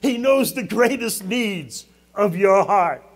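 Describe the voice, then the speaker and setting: A man's voice: sits high, animated, slow pace. A middle-aged man preaching a sermon as pastor, building emphasis and dropping in humorous asides.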